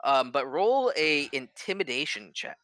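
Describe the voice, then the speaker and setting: A man's voice: fairly high pitch, very animated, a little slow, bright, forceful tone, no room sound. A man narrating as game master in a casual, rambling way.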